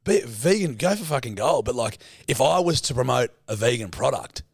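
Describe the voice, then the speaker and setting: A man's voice: medium pitch, animated, a little fast, vocal fry, slightly rough, dry recording, clean studio sound. An Australian man co-hosting a podcast, chatting casually with swearing and laughter. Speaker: podcast co-host. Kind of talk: casual chat.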